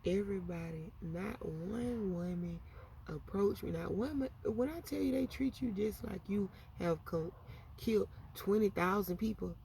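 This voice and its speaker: Woman, casual storytime vlogger, animated slangy delivery, creaky voice, faint background sound. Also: medium pitch, unhurried, slight background noise.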